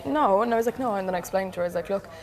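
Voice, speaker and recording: A woman in a reality show house, rapidly retelling a conversation and quoting what others said, in a heated casual chat. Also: medium pitch, fairly even intonation, mellow. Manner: rapid, retelling with quoted dialogue. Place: house living area, indoors.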